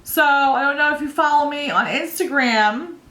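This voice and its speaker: A woman's voice: sits high, normal speed, pushed and bright, echoey room. A woman in her thirties chatting through a makeup tutorial, rambling and telling family stories as she goes. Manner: rambling, storytelling, laughs at own stories. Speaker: beauty vlogger.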